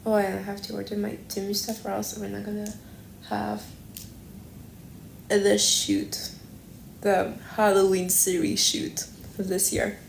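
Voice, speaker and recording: In a monotone, medium-pitched and creaky voice, a woman speaks a little slowly with frequent pauses. She's a livestream host chatting casually, rambling and self-correcting as she thinks aloud, in an echoing room with faint background noise.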